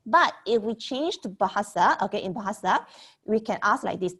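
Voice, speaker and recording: A young woman teaching Mandarin grammar in an online lesson, explaining slowly and checking in with "okay?" as she repeats example sentences. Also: mid-range voice, animated, fairly bright tone, slightly rough.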